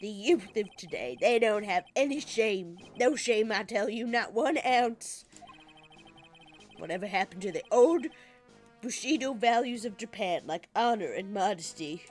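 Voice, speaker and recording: A woman's voice: mid-range voice, expressive, unhurried, soft background music, close to an everyday voice. A woman voicing a grouchy old man who scolds and grumbles, in a game dialogue read aloud. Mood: scolding. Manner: cranky, scolding and gruff.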